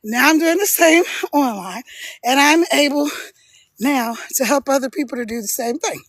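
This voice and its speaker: A woman's voice: high-pitched, normal speed, no echo. A middle-aged woman chatting casually to livestream viewers while walking uphill outdoors, a little out of breath and laughing often. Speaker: live streamer and online business coach. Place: outdoors on a hill.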